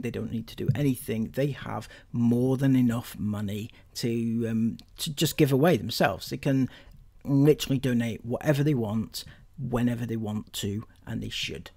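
A man's voice: mid-range voice, a little mellow. A man hosting a commentary channel, talking in a casual, critical way with frequent ums.

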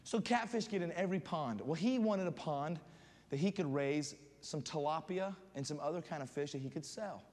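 A man preaching a sermon as a guest speaker, building up to loud fervent shouting. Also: fairly high pitch, normal speed. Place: church sanctuary. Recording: church hall reverb.

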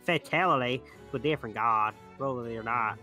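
Crude joking guy on a game stream, bright mid voice, faint music. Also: mid-range voice, fairly quick. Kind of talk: casual game-stream chat.

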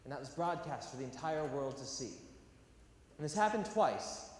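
A man's voice: on the high side, animated, moderate pace, recorded from a distance. Earnest male speaker in an echoey hall. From California. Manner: earnest and emphatic, with self-deprecating jokes. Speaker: educational theatre speaker. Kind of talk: public talk to a live audience. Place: large university hall. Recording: echoey hall, faint noise.

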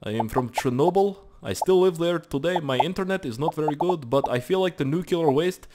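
A man voicing a pleading man from Chernobyl with a heavy put-on Russian accent and halting broken phrasing. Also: fairly high pitch, expressive, very noisy, voice pushed up, lightly acted.

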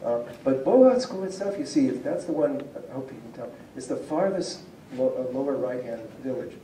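Male lecturer, mellow hesitant delivery, distant mic, echoey hall with faint room hum. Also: mid-range voice, expressive, moderate pace. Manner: hesitant, many fillers and restarts. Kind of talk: academic lecture with slides. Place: civic centre lecture hall. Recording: roomy distant hall recording.

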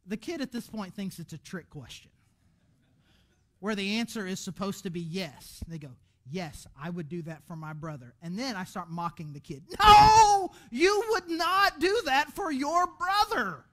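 A man preaching a sermon as pastor in a church, animated and conversational, restarting his words often. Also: high-pitched, normal speed. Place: church auditorium.

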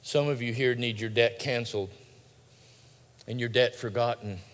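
A male pastor preaching a sermon in a large church, swinging between loud urgent pleading and quiet hushed lines. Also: medium pitch, fairly even intonation, normal speed. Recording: long hall reverb.

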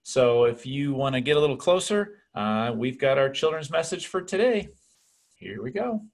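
A man leading a church service, announcing the next part in a calm way. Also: mid-range voice, moderate pace, vocal fry. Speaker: worship leader.

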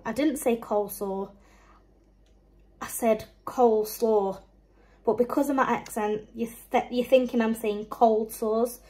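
A young mum and vlogger chats casually through a shopping haul, rambling along and listing prices with small laughs. Her voice is on the high side, captured in a low-quality recording.

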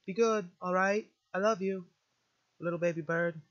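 A man voicing a gentle, motherly female goat monster, reading her game lines aloud in a soft, formal, doting way. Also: high-pitched, steady tone, moderate pace, dull audio, voice pushed up.

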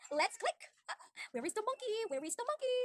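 A woman's voice: very high voice, big pitch swings, a little fast, very noisy. A young woman giving an online demo English lesson to a young child, with exaggerated sing-song praise and frequent laughs. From Philippines.

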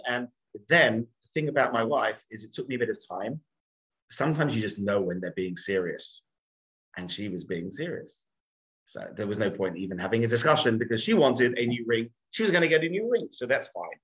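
A man's voice: medium pitch, a little fast, a bit bright, low-quality recording. An English man in his forties, a rabbi giving a humorous storytelling lesson in a chatty, self-mocking way. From England.

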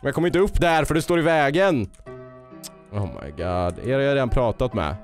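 Excitable man playing a game, lively pitch. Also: a little fast. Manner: excitable, reads game text aloud. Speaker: let's play youtuber. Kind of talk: gaming commentary. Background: game music.

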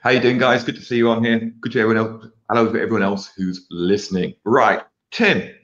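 A man's voice: fairly low pitch, fairly even intonation, a little fast, a bit bright. A man hosting a live online show, talking in an upbeat, chatty and jokey way over a video call. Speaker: host. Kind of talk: casual live show chat. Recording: roomy, dull lo-fi sound.

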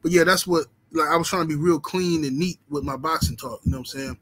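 A man's voice: a little high, fast, a bit bright, poor audio. Laid-back profane boxing streamer, man. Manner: laid-back, profane street talk with lots of "you know what I'm saying". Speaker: boxing channel host. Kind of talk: casual livestream chat reading the super chat.

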